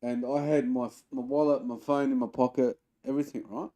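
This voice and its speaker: Mellow-voiced man telling a travel story. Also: medium pitch, brisk. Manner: excitable, repeats himself while telling a story. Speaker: podcast co-host. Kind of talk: casual chat, storytelling.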